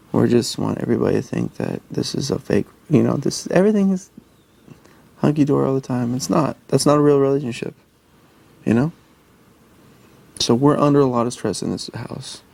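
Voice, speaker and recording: A young houseguest on a reality show speaks to his partner in a gravelly, slightly mellow voice of medium pitch and normal speed. It's intimate, casual talk, earnest and reassuring, and he often restarts his sentences.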